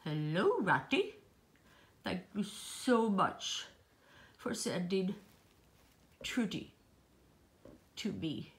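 A woman voicing a talkative boy doll who speaks gently and politely. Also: high voice, sing-song, very slow, long pauses, exaggerated voice. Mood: polite, grateful.

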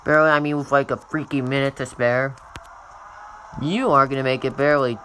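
A man giving let's-play commentary on a racing game, swinging between loud cheers and grumbling mutters. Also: mid-range voice, level tone, fairly quick. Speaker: gamer playing a racing management game. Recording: noticeable background noise.

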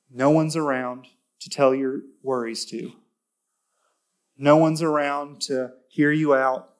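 A man preaching a sermon in a church, talking in a conversational way with restarts, then rising to emphatic, lifted stretches when he stresses a point. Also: fairly high pitch. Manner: conversational with self-corrections and restarts. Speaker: pastor.

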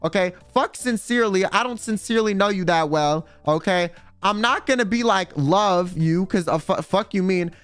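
A man's voice: high-pitched, normal speed, hardly any pauses, a bit bright, smooth, no echo. A man streaming in a casual chat, rambling and swearing freely, full of filler words. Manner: rambling, profane, full of "like" and "you know".

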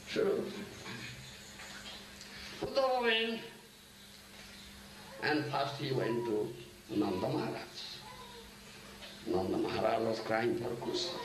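An older man gives a spiritual lecture, slow and unhurried, and his voice leaps from low to high. He keeps checking on his listeners with short questions. The recording is echoey, and the mic sits a fair way off. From India. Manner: keeps asking "Huh?" and "Isn't it?", chanting Sanskrit verses. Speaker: spiritual teacher. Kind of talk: devotional lecture. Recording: echoey room, mic at a distance, faint hiss.

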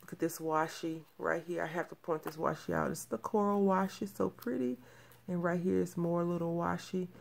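Thirtysomething woman gushing over craft mail, kinda low voice with lots of fry. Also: moderate pace. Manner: gushing, repeats her praise. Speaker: crafting channel host. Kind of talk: casual mail-call show-and-tell.

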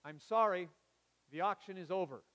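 A man voicing a persistent male auctioneer who calls out bids loudly. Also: sits high, normal speed. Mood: solemn. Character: insistent male auctioneer at an estate sale.

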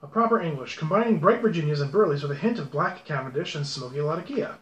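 A pipe-smoking man hosts his own channel, unboxing things while chatting casually and rambling with self-deprecating asides. His voice is on the high side, quick, and lively in intonation. The recording is muffled, in an echoey room with faint background noise.

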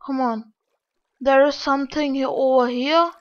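A woman's voice: high voice, fairly even intonation, a little slow. A woman giving casual game commentary, complaining aloud to her viewers in an exasperated way. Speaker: gaming channel host. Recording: dull lo-fi.

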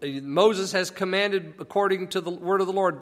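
A man's voice: on the high side, expressive, normal speed, few pauses, fairly bright tone. A man casually teaching a Bible passage, explaining conversationally and asking rhetorical questions. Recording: long echoey reverb.

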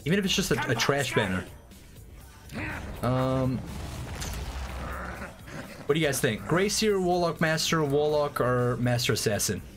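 A man livestreaming a strategy game, chatting casually and excitably with frequent swearing and rambling asides. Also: medium pitch, a little slow, pauses often. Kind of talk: casual gameplay commentary. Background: faint game music.

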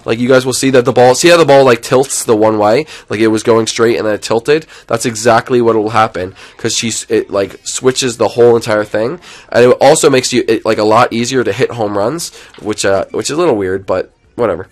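Excitable young man streaming a game. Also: medium pitch, brisk. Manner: excitable, chatty, jumps between loud outbursts and mutters. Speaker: gaming live streamer. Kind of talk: live gameplay commentary.

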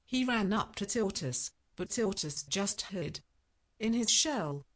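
A woman reading a children's picture story aloud in a slow, deliberate way for learners. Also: medium pitch, lively intonation, fairly bright tone. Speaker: storybook reader.

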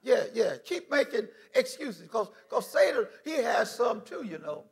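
Bishop, male, high and gravelly voice, fervent sermon from a church stage with repeated praise shouts. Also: very animated, a little slow. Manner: stammering restarts. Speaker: bishop preaching.

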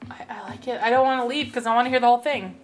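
A woman's voice: fairly high pitch, steady tone, racing, faint music behind. A young woman giving casual, chatty commentary over her gameplay and talking to her game characters. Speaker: let's play host.

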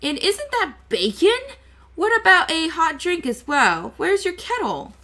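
A spirited elderly woman from a storybook gives orders in a raised, forceful voice, as a woman reader puts her on. She is bossy and determined, and her tone stays bright. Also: extremely high pitch, big pitch swings, measured pace, voice pushed up, exaggerated voice. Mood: eager.

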